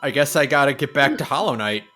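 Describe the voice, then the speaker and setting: A man co-hosting a casual podcast, with a bright tone and a lively, swooping pitch. He sounds laid-back and wry. Faint music plays behind him. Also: fast talker. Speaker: podcast co-host. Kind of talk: casual chat.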